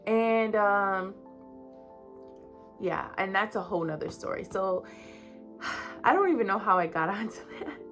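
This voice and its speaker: A woman's voice: mid-range voice, expressive, a little slow, long pauses, fairly bright tone, soft background music. A woman in her twenties, a vlogger candidly telling a personal story in a chatty way, with many fillers and asides to her viewers. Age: 20s.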